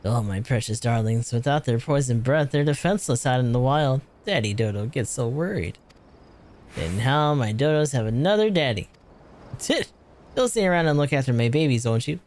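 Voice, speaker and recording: A man's voice: medium pitch, expressive, moderate pace, darkish tone, lightly acted. A man voicing a fussy, sentimental male bird keeper from a game in a fond, cooing way. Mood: doting.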